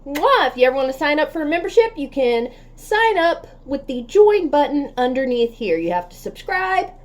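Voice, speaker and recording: A woman's voice: sits high, big pitch swings, normal speed. A woman hosting a reaction channel, chatting casually and affectionately with her viewers in a bubbly, talkative way. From United States.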